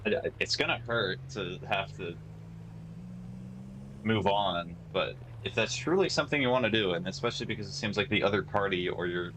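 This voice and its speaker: A man's voice: lowish voice, normal speed. A man streaming a driving game, chatting casually and answering his viewers' chat messages as he plays. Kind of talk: casual live-stream chat while playing. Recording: steady noise and hum behind the voice.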